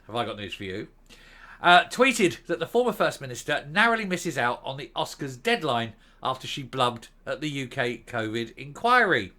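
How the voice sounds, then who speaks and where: A man's voice: a little high, bright, forceful tone. A man hosting his own political opinion show, ranting with scorn and sarcasm. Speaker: host.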